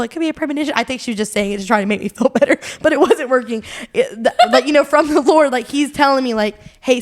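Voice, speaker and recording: Fast-talking high-voiced young woman. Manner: rambling storytelling full of "like" fillers and laughs. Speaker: podcast co-host. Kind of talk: casual chat.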